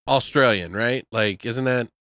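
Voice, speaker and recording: A man's voice: medium pitch, measured pace, a bit bright, no echo. Rambling man, dry close sound. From United States. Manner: rambling, frequent fillers and swearing. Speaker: podcast host reviewing films. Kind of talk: casual chat.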